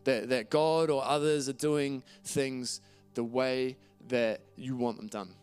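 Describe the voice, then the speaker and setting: A man's voice: mid-range voice, fairly even intonation, slow pace, a little mellow, clean tone, faint music behind. A man preaching a sermon in an earnest, conversational way, reading scripture aloud and often restarting his phrases. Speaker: pastor.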